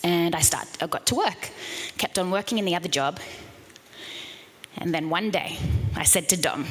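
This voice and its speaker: A woman gives an energetic, playful motivational talk into a handheld microphone and speaks straight to a live audience. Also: lowish voice, moderate pace, long pauses, long reverb tail. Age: 30s. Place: event room with an audience.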